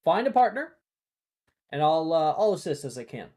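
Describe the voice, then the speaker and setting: A beaming, clumsy male professor greets his class with loud, eager warmth, his pitch leaping high. A game master puts him on in a tabletop game. The voice swings widely, full of enthusiasm. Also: big pitch swings, normal speed, natural voice. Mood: enthusiastic. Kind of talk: tabletop role-play voice.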